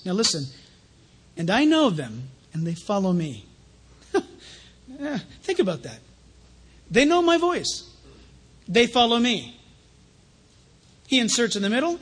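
Male preacher, very high and breathy voice, conversational sermon delivery. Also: moderate pace, pauses often. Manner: conversational preaching with anecdotes, rising to animated emphasis.

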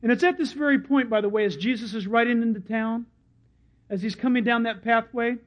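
A man preaching a sermon as pastor, animated and storytelling, slipping into other people's voices. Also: very high-pitched, fairly quick. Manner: animated storyteller who acts out crowd voices. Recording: dull lo-fi sermon recording.

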